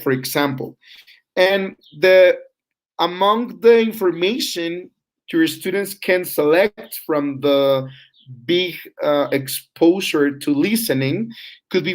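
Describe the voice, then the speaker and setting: A teacher trainer gives an online class lecture slowly and haltingly, with many fillers and restarts, checking understanding by asking "right?". His voice is a little high.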